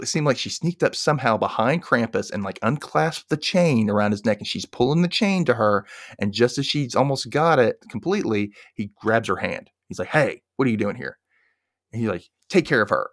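A man casually recapping a movie's plot, chatty and dropping into quick character voices. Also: medium pitch, dry recording, studio quality.

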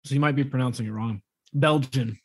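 A man's voice: medium pitch, slightly rough. A man co-hosting a casual soccer podcast, talking in an emphatic, opinionated way. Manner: emphatic, opinionated, quick to laugh at the league. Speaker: podcast co-host.

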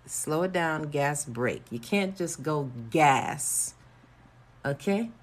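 A woman leaving a voicemail with measured, instructive advice. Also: deep voice, animated. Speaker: voicemail caller.

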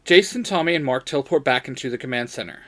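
A man reading a fan story aloud in a lively, expressive way. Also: mid-range voice, fast, over loud music.

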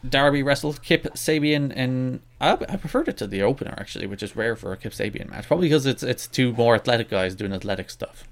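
A man co-hosting a podcast in casual chat, talking quickly and restarting his sentences often. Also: medium pitch, lively intonation. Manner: quick, self-interrupting talk with frequent restarts. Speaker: podcast co-host.

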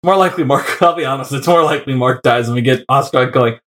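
A man's voice: medium pitch, fast, fairly bright tone. A man co-hosting a casual podcast chat, joking around and laughing often. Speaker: podcast co-host.

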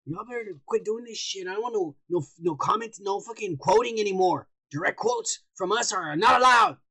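Loud, rowdy man with a creaky voice. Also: high voice, very animated, fairly quick. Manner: loud, profane, teasing, often shouting. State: drunk. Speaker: podcast co-host. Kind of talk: rowdy drunk podcast banter.

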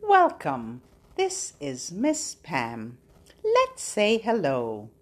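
An older woman hosting a children's podcast, leading sing-song rhymes for babies with playful, exaggerated swoops between high and low. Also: huge pitch swings, very slow, no room sound.

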